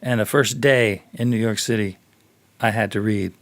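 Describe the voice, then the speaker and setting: Animated man telling studio-session stories. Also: lowish voice, moderate pace, dry recording. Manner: animated storyteller, acts out voices and laughs. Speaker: bassist guest. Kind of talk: storytelling interview.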